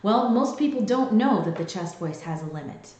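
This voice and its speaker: A woman vocal coach explaining singing technique in a clear, teaching manner, with sung demonstrations. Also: mid-range voice, expressive, moderate pace, a little mellow. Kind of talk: singing lesson to camera. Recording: very echoey room.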